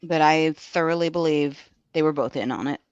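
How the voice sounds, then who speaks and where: A woman's voice: low voice, normal speed, clear, resonant tone, dry recording, muffled recording. A woman co-hosting a podcast, making skeptical, knowing remarks. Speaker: podcast co-host.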